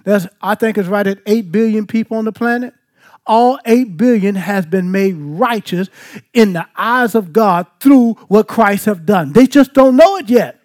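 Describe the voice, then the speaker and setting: A man's voice: sits high, unhurried, a little mellow. A man teaching a Bible study, asking the listeners questions and then answering them. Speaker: preacher.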